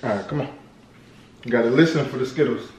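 A man's voice: mid-range voice, fast talker, heavy background noise. A man hosting a family vlog at home, talking to viewers in a playful, joking way. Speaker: father and family vlog host. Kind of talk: casual home vlog narration.

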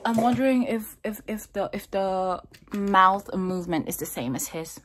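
A woman's voice: mid-range voice, normal speed, few pauses, background noise. A woman vlogging casually and talking to herself, hesitant, repeating beatbox syllables over and over.

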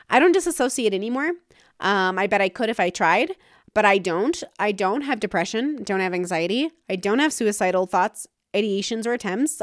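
A woman's voice: mid-range voice, dry recording, studio quality. A woman hosting her own podcast, talking frankly and casually in a solo monologue, with some swearing. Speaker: podcast host.

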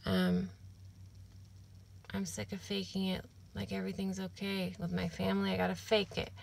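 A woman's voice: mid-range voice, monotone, moderate pace, gravelly. A young adult woman talking casually to camera in an apartment, rambling and venting with lots of swearing and filler words.

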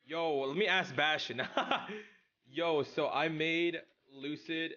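A young man streaming a video game, chatting casually with his chat in an excitable, slangy way. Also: a little high, slow, muffled recording. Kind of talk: casual live-stream chat while gaming.

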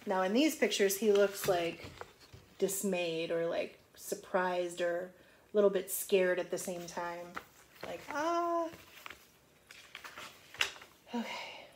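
A woman reading a picture book aloud to children, pausing to point out rhymes and the pictures in a slow, explanatory way. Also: lowish voice, fairly even intonation, darkish tone, slight background noise. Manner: slow, explanatory, stretches the read lines.

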